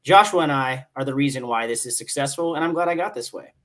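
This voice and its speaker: A man in his thirties telling stories as a guest in a relaxed chat. He talks in an animated way, swears easily and plays out the back-and-forth of conversations. His voice sits at an ordinary middle pitch for a man. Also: fast talker. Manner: animated, swears casually, acts out dialogue. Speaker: podcast guest, Marine staff sergeant. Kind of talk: casual storytelling chat.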